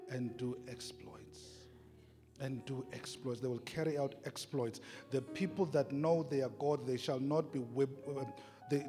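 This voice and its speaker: A man preaching a sermon, swinging from hushed, repeated lines to loud, urgent declarations. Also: mid-range voice. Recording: long reverb in a large hall, music behind.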